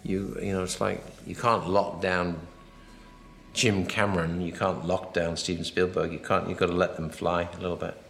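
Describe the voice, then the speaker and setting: A man's voice: sits low, little pitch movement, normal speed, creaky, fairly bright tone, echoey room, faint music behind. A man giving a film commentary, rambling and anecdotal, acting out quoted dialogue as he goes. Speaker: film director.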